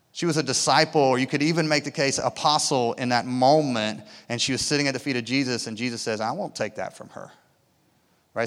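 A man preaching a sermon as pastor, swinging between loud emphatic lines and hushed quiet ones. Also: mid-range voice, long reverb tail. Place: church auditorium.

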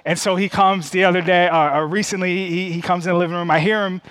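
A man's voice: high voice, fairly even intonation, quick pace, fairly bright tone, no echo. A middle-aged man preaching a conversational sermon, full of stammered restarts and "okay?" check-ins to the congregation. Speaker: pastor.

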